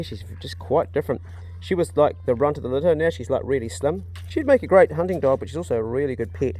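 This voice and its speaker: A man's voice: medium pitch, lively intonation, fast, dark tone. A middle-aged man with a New Zealand accent, chatting candidly on a casual vlog, rambling with slang and fillers, filming on a phone. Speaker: vlogger. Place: in a car and outdoors. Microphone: phone held while driving.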